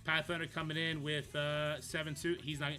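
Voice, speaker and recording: A man, rambling loosely through a casual game livestream. His voice is very bright and sits a little high, and faint music plays underneath. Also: little pitch movement, moderate pace. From Canada. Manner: goofy and rambling, laughs easily. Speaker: mobile game streamer.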